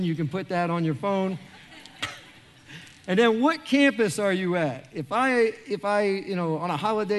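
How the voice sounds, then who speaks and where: A man, a pastor giving a joking, animated sermon in a large church. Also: sits high. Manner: animated, joking, acts out quoted voices.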